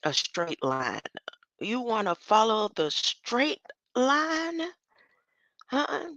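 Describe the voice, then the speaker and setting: A woman's voice: fairly high pitch, big pitch swings, extremely slow, pauses often, a bit bright, no room sound, highs cut off. An older woman musing aloud in a casual solo stream about word meanings, rambling and laughing often. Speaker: online streamer.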